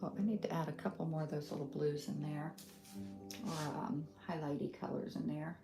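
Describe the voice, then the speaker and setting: A middle-aged woman from Western North Carolina with a Southern accent, teaching a casual live painting tutorial, thinking aloud with many ums and soft laughs. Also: low-pitched, steady tone, moderate pace, gravelly. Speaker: art instructor. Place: home art studio. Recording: roomy studio with guitar music behind.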